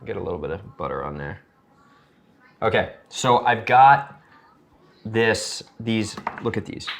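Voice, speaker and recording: A man's voice: fairly low pitch, lively intonation, unhurried, vocal fry, a little hiss or hum, rough recording. A chatty, jokey man hosting a casual cooking demonstration in a home kitchen. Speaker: chef host. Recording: loud sizzling pan behind voice. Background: frying and sizzling.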